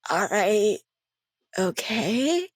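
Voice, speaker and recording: Slow-talking woman game master. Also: mid-range voice, sing-song, breathy edge, no echo, studio quality, soft background music. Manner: casual, rambling with many fillers and frequent laughs. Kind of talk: narrating a tabletop game.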